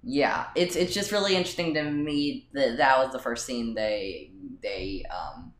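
A man's voice: medium pitch, expressive, unhurried, fairly bright tone. A man co-hosting a casual podcast chat, hesitating with many ums and restarts. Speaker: podcast co-host. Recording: roomy echo.

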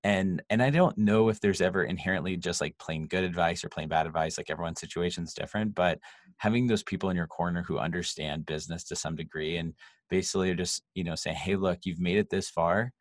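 A man's voice: low voice, fast talker, no echo, studio quality. A man hosting a podcast interview, reflective and conversational. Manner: reflective, conversational, uses "like" and "you know". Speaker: podcast host. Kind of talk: casual interview chat.

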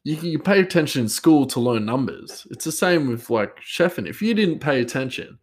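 A man's voice: medium pitch, animated, moderate pace, breathy edge. A man, a chef, talking casually on a podcast, rambling and hesitant with plenty of laughs.

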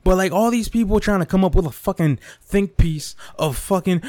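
A young man on a podcast, talking off the cuff in a loose, profane rant. His pitch leaps all over the place as he gets worked up, and the sound is close and dry with no room around it. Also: moderate pace, hardly any pauses, dry recording. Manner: animated, profane, repetitive, swings into mock whispers and impressions. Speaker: podcast host. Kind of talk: casual rant monologue.

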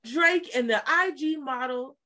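A woman's voice: high-pitched, unhurried, bright, forceful tone. A woman co-hosting a podcast, reading a news story and breaking off to comment. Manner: chatty, commenting while reading. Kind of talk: casual podcast news segment.

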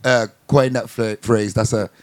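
A man, a guest on the show, telling stories in a casual chat, animated and slangy, with lots of "you get me". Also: fairly low pitch, unhurried. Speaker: guest artist.

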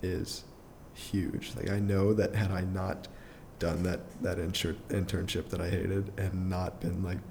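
A young adult man, a podcast guest, telling a personal story in a casual, rambling way full of fillers and quick chuckles. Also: deep voice, level tone, gravelly, a little mellow, a little hiss or hum. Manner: rambling, filler-heavy, restarts often, chuckles through his story.

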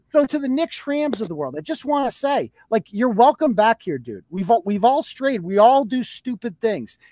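A man's voice: extremely high pitch, very animated, moderate pace, warm tone, dry recording. A man hosting a podcast, ranting in a profane, combative and mocking way. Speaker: host. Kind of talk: heated podcast rant.

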